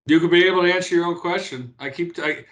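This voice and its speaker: A man's voice: high-pitched, quick pace, lo-fi sound. A man in his fifties, a guest in a casual interview, telling stories with lots of restarts and "right?" tags. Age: 50s. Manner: animated storyteller, frequent restarts and "right?" tags. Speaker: guest, former pro beach volleyball player.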